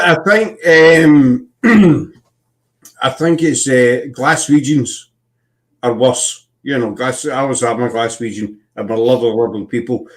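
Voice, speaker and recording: A man with a Scottish accent, hosting a casual chat and telling rambling stories full of fillers and restarts. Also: mid-range voice. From Scotland. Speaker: podcast host.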